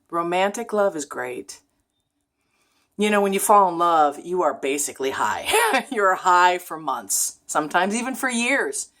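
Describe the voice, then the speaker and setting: A woman's voice: low-pitched, a bit bright. A woman talking to camera in a casual vlog, frank and emphatic, laughing now and then as she talks. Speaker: vlogger.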